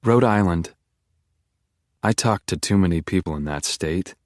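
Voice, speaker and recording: A man's voice: low-pitched, brisk, no echo, studio quality. A man reading a first-person audiobook with an intense, obsessive inner monologue. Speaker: audiobook narrator.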